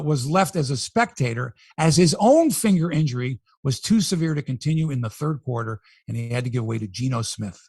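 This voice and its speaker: Husky chatty sports podcast host. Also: male voice, fairly high pitch, no room sound, studio quality. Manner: chatty, animated, jumps from scores to asides. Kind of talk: casual sports talk and news rundown.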